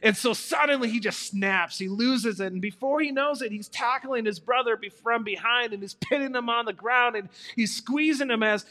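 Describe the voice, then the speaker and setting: A man preaching to young people, retelling a story in a conversational, animated way and acting out the characters. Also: extremely high pitch, moderate pace, long reverb tail.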